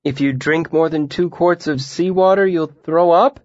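A hesitant young male student, as a reader puts him on, a bit higher than plain narration and unsure of himself. The recording is dry and dull. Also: moderate pace, darkish tone, no echo, lightly acted.

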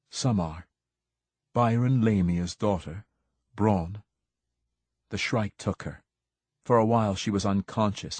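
Husky low-voiced male narrator. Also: darkish tone, no echo. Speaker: audiobook narrator. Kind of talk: first-person fiction narration.

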